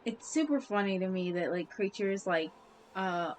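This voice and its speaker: A woman's voice: medium pitch, expressive, normal speed, darkish tone, a little hiss or hum. A woman streamer in casual chat while gaming, rambling with wry jokes.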